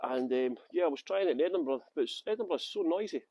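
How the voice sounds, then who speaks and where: A man's voice: fairly high pitch, animated, quick pace, dark tone, slightly rough. A man from West Yorkshire working as a tour guide, chatting and joking with viewers by name on a live-streamed walking tour outdoors on city streets. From Halifax, West Yorkshire, England.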